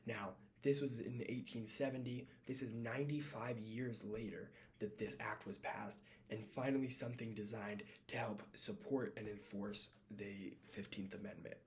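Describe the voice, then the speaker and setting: A man giving a read-aloud class presentation, reading from a script with small slips and quick self-corrections. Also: on the low side, fairly even intonation, a little hiss or hum.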